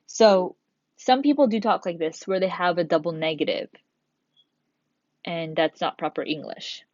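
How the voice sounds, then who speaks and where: A woman's voice: on the low side, normal speed, a little mellow, no echo. A woman teacher giving a recorded grammar lesson, patiently explaining step by step and reading examples aloud. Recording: dull, dry lo-fi sound.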